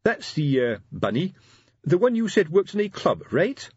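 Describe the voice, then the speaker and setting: A man's voice: high-pitched, sing-song, normal speed, a little mellow, slightly rough, no room sound, dull audio, pitched above the performer's own voice, exaggerated voice. A man voicing a pompous, lecturing middle-aged police sergeant who talks in a fussy, hesitant way.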